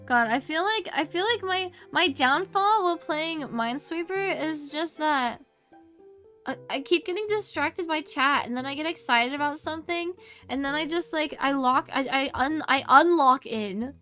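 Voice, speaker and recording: A young woman chats on stream in a high, bubbly voice, rambling happily to her viewers. She slips into baby-talk squeals at times and mutters quietly as she concentrates on a game. Faint music plays behind her desk microphone. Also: moderate pace. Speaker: VTuber streamer. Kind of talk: casual livestream chat while gaming.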